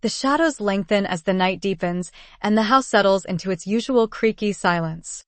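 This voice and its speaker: A woman giving a steady, measured first-person narration of a story as an audiobook narrator. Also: medium pitch, no echo.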